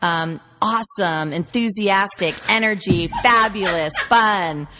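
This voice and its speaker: A woman's voice: medium pitch, takes it slowly, bright, forceful tone, soft background music. A woman guest on an interview, a referral marketing trainer who tells stories emphatically and lists words. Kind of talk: conversational interview. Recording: long hall reverb.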